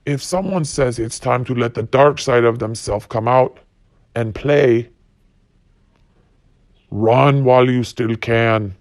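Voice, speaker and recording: A man's voice: mid-range voice, slow pace, pauses often, no echo. A man hosting a solo podcast, ranting bluntly and profanely while reading quotes. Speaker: podcast host.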